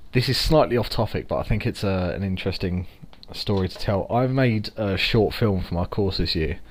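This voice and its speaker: A young man with a London accent and a fairly low voice co-hosts a casual podcast. He rambles through stories with sarcastic asides and swears freely. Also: moderate pace, a little hiss or hum. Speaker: podcast co-host. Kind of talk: casual chat.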